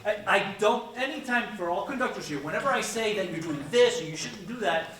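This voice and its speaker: A man with a high voice coaches a student conductor, gently questioning him and singing melody lines in nonsense syllables. He is heard from a distance in a reverberant rehearsal room. Band noise runs clearly underneath. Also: expressive, a little fast. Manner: gentle, encouraging, asks many questions. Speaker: conducting clinician.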